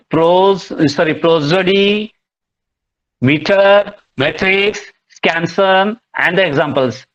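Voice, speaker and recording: A man giving a classroom lecture, explaining slowly and repeating words as he goes. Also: a little high, a bit bright. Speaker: literature lecturer. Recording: muffled lo-fi recording.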